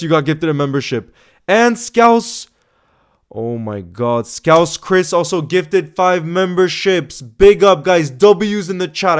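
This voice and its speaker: Hyped young man with a smooth voice. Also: fairly high pitch. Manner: excitable, hyped shout-outs to viewers. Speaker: football YouTuber hosting a live stream. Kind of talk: casual live-stream chat, reading out viewer messages.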